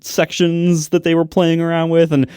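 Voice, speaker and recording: A man's voice: on the high side, completely flat delivery, normal speed, a little mellow, clean tone, dry recording, clean studio sound. A man in casual podcast chat, telling a story in a chatty, hesitant way with lots of fillers.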